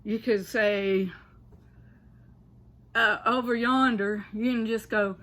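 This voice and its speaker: A woman's voice: a little high, steady tone, slow pace, pauses often, a bit bright. A woman with a Southern US accent, casually explaining regional sayings, often checking in with an "okay" and laughing now and then. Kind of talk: casual explainer, partly read aloud.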